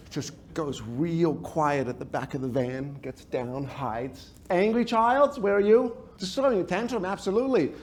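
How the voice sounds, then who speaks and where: High-voiced, animated male workshop speaker. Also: moderate pace, hardly any pauses. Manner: lively storytelling with sound effects and audience questions. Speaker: speaker and trainer.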